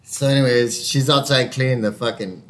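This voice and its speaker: A man co-hosting a casual podcast, joking and swearing, with loud bursts of laughter. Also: medium pitch, fairly even intonation, moderate pace, very noisy. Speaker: podcast co-host.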